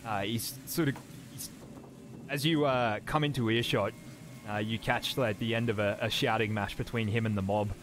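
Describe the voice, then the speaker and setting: A man narrating as game master of a tabletop game, rambling and halting with many fillers. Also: lowish voice, fairly even intonation, a bit bright.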